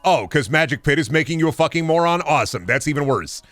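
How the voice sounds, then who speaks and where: Animated, swearing young man streaming. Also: fairly high pitch, fast talker, no room sound, faint music behind. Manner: animated, profane ranting. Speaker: game streamer. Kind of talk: casual chat while gaming.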